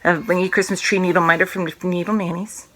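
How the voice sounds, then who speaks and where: Woman, 30s, home vlogger; bright, chatty, rambling, jokey delivery. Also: on the low side, level tone, fast. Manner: rambling, self-interrupting, jokey. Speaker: cross-stitch vlogger. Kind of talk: casual chatty show-and-tell.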